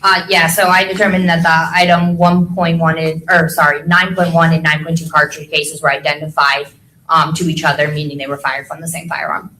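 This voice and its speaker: A woman's voice: sits low, flat delivery, a little fast, pushed and bright, a little hiss or hum, poor audio. A young woman testifying in court as a firearms examiner, explaining patiently with everyday analogies and frequent ums.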